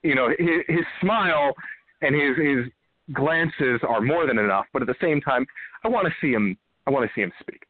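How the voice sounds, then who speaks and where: A man calling in to a show, chatting casually and joking, with halting restarts. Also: mid-range voice, animated. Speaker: caller. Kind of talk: casual call-in chat. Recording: tinny phone line.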